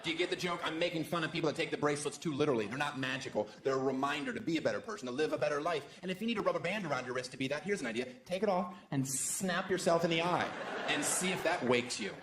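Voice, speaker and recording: A man's voice: a little high, expressive, very fast. A man from the United States doing a stand-up comedy set on stage, delivering sarcastic, provocative punchlines with sudden jumps into exaggerated voices. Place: stage in a large venue before a live audience. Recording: roomy live hall with loud crowd. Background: audience laughter and applause.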